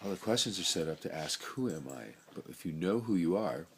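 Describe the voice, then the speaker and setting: Rambling middle-aged man, low voice. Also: expressive, brisk, slight background noise. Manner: rambling, free-associating, swings between loud and soft; laid-back slang, says "man" often. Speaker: person living with a brain tumor, sharing his thoughts. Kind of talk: rambling personal monologue.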